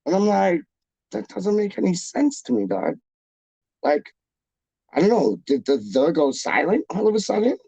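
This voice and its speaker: A man hosting a live stream, chatting casually with his viewers in an animated, jokey way full of slang. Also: sits high, moderate pace, vocal fry, pauses often, husky, no room sound, rough recording. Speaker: livestream host reading chat. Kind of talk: casual chat.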